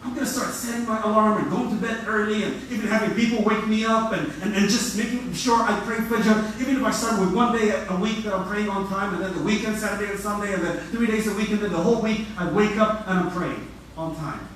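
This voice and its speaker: A man's voice: sits high, fairly even intonation, quick pace, a bit bright, slight background noise. A man preaching as an imam, talking energetically and conversationally, repeating words as he goes, recorded in a mosque prayer hall. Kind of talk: sermon. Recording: echoey hall from far off.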